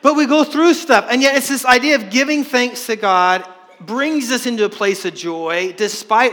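Guy pastor preaching in a church, high bright voice, long hall echo. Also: moderate pace. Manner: animated, joking with the congregation. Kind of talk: sermon.

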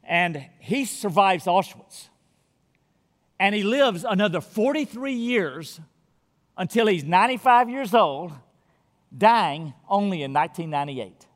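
A man with a notably high voice preaches in a church sanctuary, his words ringing in a long hall reverb. He tells a story as a pastor, then draws his listeners in softly and intimately as he leads them into prayer. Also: animated, measured pace. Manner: storytelling, growing quiet and intimate toward the closing prayer. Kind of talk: sermon.

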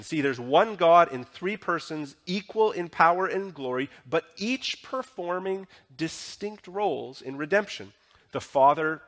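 A man's voice: on the high side, a bit bright. A male pastor preaching a sermon in a church, talking in a conversational way and often asking the congregation questions. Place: church sanctuary.

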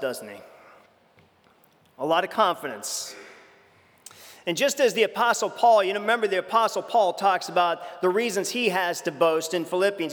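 A man's voice: high-pitched, a bit bright, big-room sound. A man preaching a sermon in a conversational way, acting out quoted lines with dramatic shifts.

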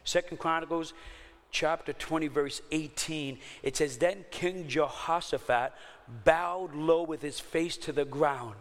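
A man preaching a sermon as pastor, emphatic, dropping to hushed low lines and rising to urgent raised ones. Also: measured pace, long reverb tail.

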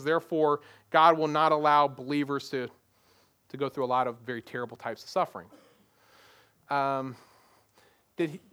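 Pastor, male, higher-pitched voice, conversational sermon delivery full of rhetorical questions. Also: sharp tone, smooth. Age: adult parent.

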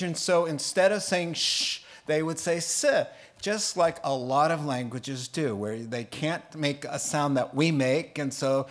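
Middle-aged male pastor, slightly high voice, lively sermon delivery with laughter and mimicry. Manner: animated, laughing, putting on funny accents for examples.

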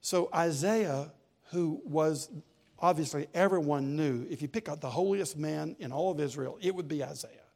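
A male pastor preaching a sermon in a church, emphatic and building to loud peaks. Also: fairly high pitch, normal speed, vocal fry.

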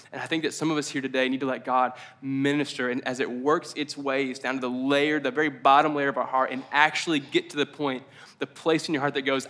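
A man preaching a casual, conversational sermon, slowing down for emphasis and adding rambling asides. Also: medium pitch, level tone, fairly bright tone. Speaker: pastor. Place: church service.

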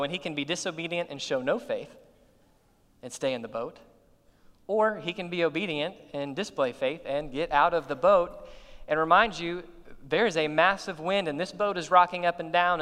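Man preaching, high-pitched and crisp, emphatic delivery, reverberant church hall. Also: fairly bright tone. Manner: expository preaching, rising to emphatic peaks. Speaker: pastor. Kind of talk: sermon.

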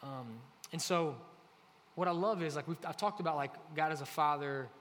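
A man preaching a relaxed, conversational sermon, often filling pauses with "like". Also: a little high. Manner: conversational, heavy use of "like". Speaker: pastor. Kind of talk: casual sermon. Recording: faint hall reverb, light noise.

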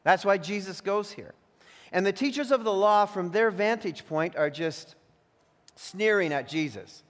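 A man with a high-set voice delivers an earnest, teacherly sermon at an unhurried pace, pressing hard on the phrases he wants remembered. His words ring out with the long reverb of a large church hall. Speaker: pastor.

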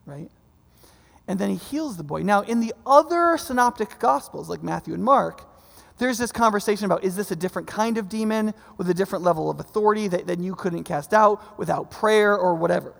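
This pastor's voice is high, gravelly and animated, and he talks fairly quickly. He preaches conversationally, often checking in with the congregation and tossing in frequent "right?" asides, all in a big-room sound.

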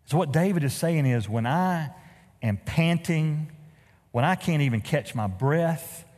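Animated male pastor preaching in a reverberant hall. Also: on the high side, a little slow. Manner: animated storytelling with humorous asides. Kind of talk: sermon. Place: church sanctuary.

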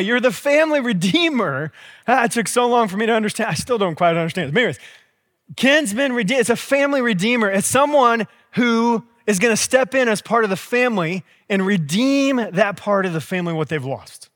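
Pastor, young adult man, high voice, chatty storytelling sermon, hall echo. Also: fairly quick. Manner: conversational storytelling, animated asides. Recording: long hall reverb.

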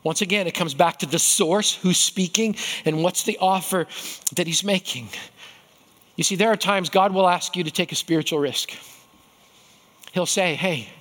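A middle-aged pastor delivering a sermon with a notably high-pitched voice. He tells stories in an animated way and often slips into other people's voices to act them out. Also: moderate pace, pauses often.

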